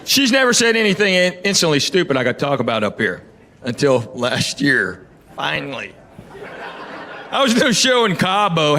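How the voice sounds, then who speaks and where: Southern-accented male comic, raised voice. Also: high voice. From Tennessee. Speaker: stand-up comedian. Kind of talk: stand-up comedy set. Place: comedy stage before an audience. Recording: live show with loud crowd laughter.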